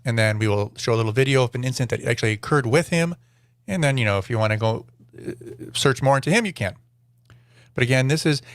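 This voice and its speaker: A podcast host with a medium-pitched voice offers casual commentary over news clips, rambling, correcting himself, and tossing in dryly sarcastic asides. The recording is clean studio sound with no room noise.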